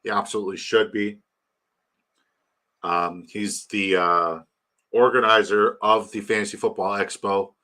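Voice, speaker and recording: A man's voice: fairly low pitch, level tone, unhurried, long pauses, sharp tone. A man hosting a casual livestream, rambling about his draft, reading chat aloud and hyping a giveaway. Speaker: livestream host.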